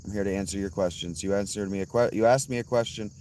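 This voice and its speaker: A hoarse man hosting a casual livestream, answering chat bluntly and calling out viewers by name. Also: lowish voice, fast, warm tone, a little hiss or hum. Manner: blunt, swears, addresses chatters by name. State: hoarse, worn-out voice. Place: outdoors at night with insects.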